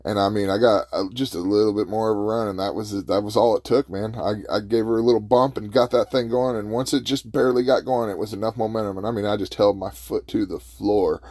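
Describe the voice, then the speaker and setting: Mellow-voiced man telling a story. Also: fairly low pitch, fairly quick, no room sound, clean studio sound. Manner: animated, acts out his own and others' lines. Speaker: podcast host. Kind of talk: casual spoken storytelling.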